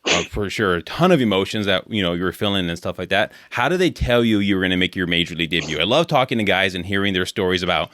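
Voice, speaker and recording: A man hosting a podcast asks his guest questions in a deep voice, talking quickly and eagerly. The recording is dry and close. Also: expressive, fairly bright tone, no room sound. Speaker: podcast host. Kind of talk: casual podcast interview.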